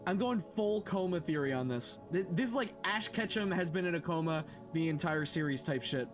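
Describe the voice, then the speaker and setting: Excitable swearing streamer man. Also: on the high side, a little fast, over music. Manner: excitable, joking, swears a lot, sudden yells. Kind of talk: casual game-stream commentary.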